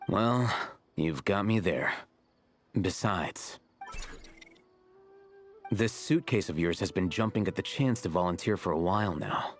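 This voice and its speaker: An actor voicing an aloof young scholar in a video game, deadpan and understated. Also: male voice, low voice, measured pace, pauses often, faint music behind. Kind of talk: game voice acting.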